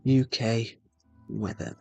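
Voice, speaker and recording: A man's voice: medium pitch, fairly even intonation, slow pace, creaky, slightly rough, no echo, soft background music. Young male streamer, mid-range voice, self-deprecating and stumbly, dry close mic. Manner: rambling, self-deprecating, stumbles over words. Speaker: livestreamer. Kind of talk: casual live-stream chat while playing.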